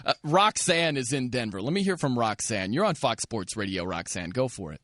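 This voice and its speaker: A man hosting a sports talk radio show, teasing his co-host and callers with quick banter and frequent laughs. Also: mid-range voice, animated, a bit bright, no echo. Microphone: studio microphone.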